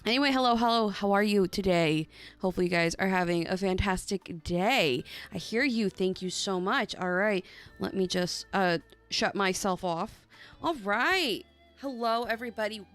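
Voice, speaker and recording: A woman with a bright, forward voice hosts a tarot livestream in casual chat. She is bubbly and loose-tongued, with casual swearing throughout. Faint music plays behind her. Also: medium pitch. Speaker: tarot reader and livestream host.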